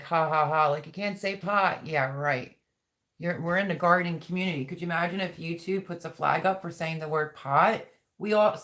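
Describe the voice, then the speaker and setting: A woman hosting a casual live stream, greeting viewers by name and chatting while she reads their comments. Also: lowish voice. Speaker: livestream host.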